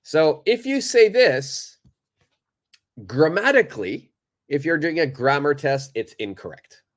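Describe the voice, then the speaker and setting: A man's voice: on the high side, very animated, measured pace. A man teaching an English lesson, explaining grammar patiently and repeating each example. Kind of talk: live online English lesson.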